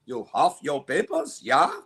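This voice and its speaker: A man's voice: mid-range voice, huge pitch swings, unhurried, fairly bright tone, slightly rough, exaggerated voice. A man putting on a German-accented voice to play a stern male officer demanding papers.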